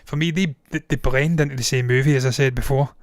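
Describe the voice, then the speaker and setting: Speaking fast in a steady, mid-range voice, this film reviewer and live-streamer in his thirties chats casually on his stream. He comes across as blunt, opinionated and free with swearing, his voice tired and strained, captured in a dry, clean studio recording.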